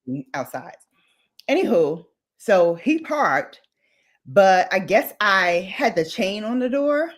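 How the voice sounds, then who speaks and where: A woman co-hosting a casual livestream chat, telling a story in an animated way and acting out the quotes. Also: medium pitch, slow. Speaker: livestream co-host.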